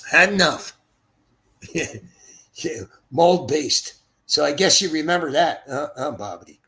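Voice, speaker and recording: This older man from Philadelphia hosts a rambling, blunt, profane livestream chat on a streaming mic. His voice is on the high side and expressive, slow with frequent pauses, pushed and bright, with vocal fry.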